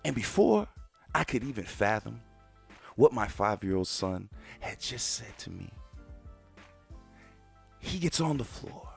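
Animated storytelling man, lively pitch. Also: a little slow, gravelly, long pauses, slightly rough, soft background music. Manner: animated, keeps addressing listeners directly. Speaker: podcast host. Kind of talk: personal storytelling monologue.

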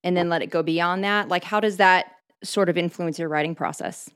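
A woman hosting an interview, upbeat and full of praise as she asks questions. Her voice sits low for a woman, and it is recorded dry and close with no room sound. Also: a little fast, clean tone, no echo. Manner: upbeat, enthusiastic. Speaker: interview host. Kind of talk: casual interview.

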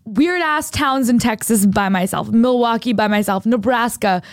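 A woman's voice: fairly high pitch, moderate pace, no echo. Chatty young woman, rambling storyteller. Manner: rambling, heavy use of "like", animated retelling. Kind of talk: casual storytelling chat.

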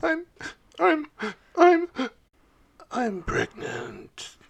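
A man voicing a crude young woman in a hoodie, raising his voice to a high, pleading tone. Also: wildly swooping pitch, extremely slow, gravelly, slight background noise, full character voice.

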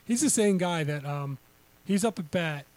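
A man's voice: a little high, animated, normal speed, darkish tone, no room sound. A man co-hosting a casual sports podcast, chatting and reacting to his co-host.

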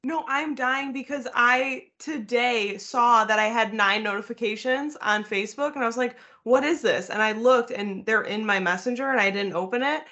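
A woman's voice: on the high side, moderate pace, few pauses, pushed and bright. A woman hosting a podcast in casual chat, joking about her family and laughing easily. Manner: chatty, laughs easily, agrees along. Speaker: podcast host. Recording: slightly dull, lo-fi sound.

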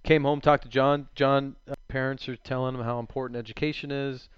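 A man interviewing a guest in a relaxed, casual chat, sharing anecdotes. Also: mid-range voice, fairly quick, smooth, no echo, muffled recording. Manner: relaxed, brief affirmations and anecdotes.

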